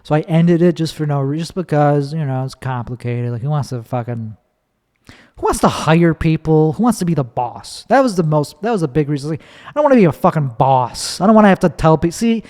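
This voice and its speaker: A man's voice: fairly high pitch, lively intonation, fast, dark tone. A man hosting his own podcast, rambling casually and swearing freely as he tells a story. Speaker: podcast host. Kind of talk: casual solo monologue. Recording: long echoing reverb.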